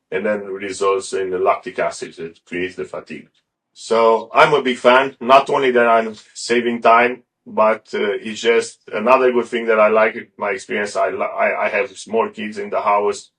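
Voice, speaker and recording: Brief: middle-aged male guest, gravelly and lowish, rambling casual talk, set back from the mic. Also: fairly bright tone. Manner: rambling, restarts often. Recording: a bit far from the mic.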